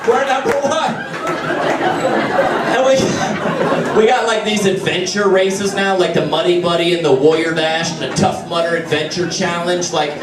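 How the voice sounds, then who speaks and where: High-voiced man, sarcastic stand-up riffs. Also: steady tone, normal speed. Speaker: stand-up comedian. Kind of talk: stand-up set. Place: comedy venue stage. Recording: distant mic in a roomy hall, loud crowd. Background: loud audience laughter and noise.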